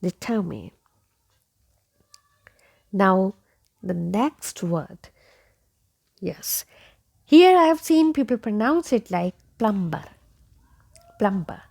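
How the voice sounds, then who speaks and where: A woman leads a pronunciation lesson at an unhurried, deliberate pace. Her voice has a gravelly, fried edge. She says each word over and over and keeps checking with 'okay?'. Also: medium pitch, sing-song, dark tone. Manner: repeats each word several times, asks 'okay?'. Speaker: English pronunciation teacher.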